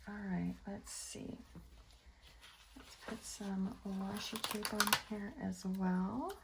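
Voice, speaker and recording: Casual female crafting vlogger, rambling, half-whispers asides, some vocal fry. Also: medium pitch, steady tone, takes it slowly, heavy background noise. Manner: rambling, half-whispered asides, coos baby talk at her cat. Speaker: planner vlogger. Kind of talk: casual chatty voice-over while crafting.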